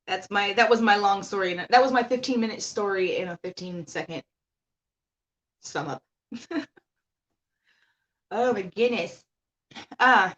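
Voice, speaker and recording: A woman's voice: mid-range voice, slow, pauses often, fairly bright tone, dull audio, slight background noise. Woman ranting on her home livestream, swears a lot, rambly and blunt, laptop mic. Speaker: livestream host.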